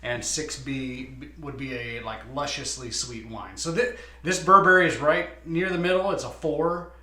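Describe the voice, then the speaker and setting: A winemaker explaining his wines in a casual tasting chat, often pausing with "uh". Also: medium pitch, steady tone, pushed and bright. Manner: explanatory, many "uh" fillers. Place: winery. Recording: echoey room.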